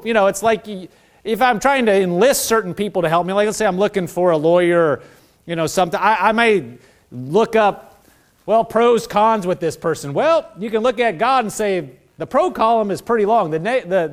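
A man preaching a sermon, calling on the congregation to repeat after him, with a conversational manner full of asides. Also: high-pitched. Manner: lively preaching with call-and-response. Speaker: pastor.

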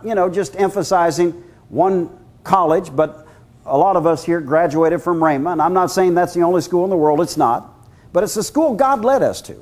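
High-voiced animated male preacher. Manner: animated storytelling, acting out voices. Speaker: guest preacher. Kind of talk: sermon.

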